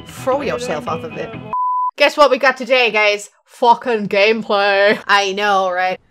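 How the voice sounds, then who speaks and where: A young woman giving loud, profane, self-mocking commentary while playing a game. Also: medium pitch, unhurried, music in the background. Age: young adult. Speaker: gaming video host. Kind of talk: profane let's-play commentary.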